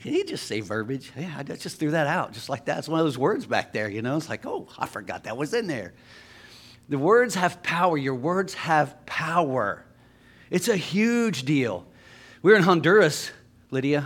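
Man preaching with a light pitch lift. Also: fairly bright tone. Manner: conversational, joking storytelling. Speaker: pastor. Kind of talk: sermon. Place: church.

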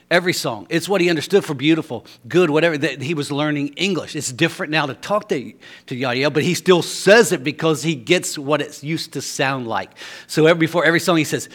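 A man's voice: a little high, animated, brisk. Man preaching a storytelling sermon. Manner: storytelling, repeats words as he restarts.

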